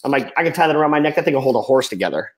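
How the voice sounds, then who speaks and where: A man in his forties speaking as a podcast guest, earnest and emotional, often trailing off softly. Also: medium pitch, lively intonation, very fast, poor audio. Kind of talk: candid personal storytelling.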